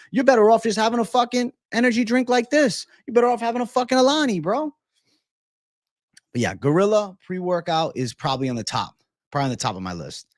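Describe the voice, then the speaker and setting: A young man hosts a loose, profane livestream and answers his chat directly. He fills his talk with "bro" and curse words. His voice sits at a middle pitch and sounds close and dry, with no room echo. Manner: reads chat comments aloud and replies. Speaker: livestream host. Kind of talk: casual livestream chat with viewers.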